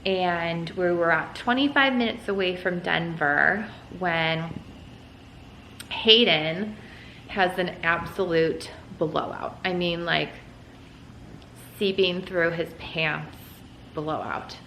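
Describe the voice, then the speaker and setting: A woman's voice: on the low side, slow pace, gravelly, bright, forceful tone, reverberant, slight background noise, poor audio. A young woman vlogger casually telling a story at home while folding laundry, full of "like" and "um". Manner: chatty, lots of "like" and "um". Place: room at home.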